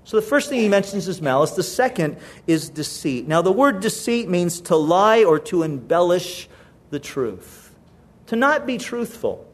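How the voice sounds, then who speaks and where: High-voiced conversational pastor. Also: male voice, sing-song, unhurried. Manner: conversational, repeats key phrases. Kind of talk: sermon.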